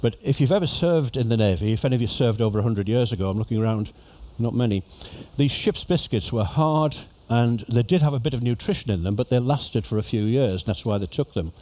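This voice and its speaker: A man's voice: mid-range voice, expressive, a little fast, hardly any pauses, warm tone. A man giving a humorous, chatty talk to cruise passengers as an after-dinner speaker. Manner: jokey, chatty storyteller addressing an audience. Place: ship lecture venue.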